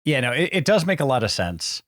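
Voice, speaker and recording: Male co-host, dry close recording, lively pitch, wry deadpan quips in casual chat. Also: fairly quick, dry recording. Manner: dry, joking asides. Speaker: podcast co-host. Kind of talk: casual chat about films.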